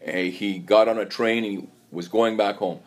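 A man with a fairly low voice preaches in a church. He tells a story and stumbles as he goes, repeating words and starting over. His delivery is unpolished and heartfelt. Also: fairly even intonation, moderate pace. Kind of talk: sermon.

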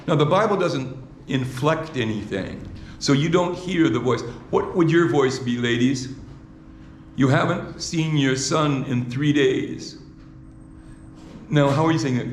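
A man preaches in a mid-pitched voice, restarting phrases and putting rhetorical questions to his congregation. The sound is roomy and echoey, with faint ambience behind him. His delivery sounds like a live sermon in a church hall. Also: lively intonation, unhurried, slight background noise. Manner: repeats words, asks the congregation rhetorical questions.

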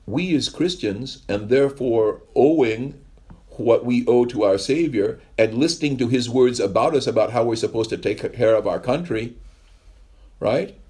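A man's voice: mid-range voice, moderate pace, dark tone, slightly rough. A male pastor giving a conversational sermon, telling stories in a rambling way with wry asides.

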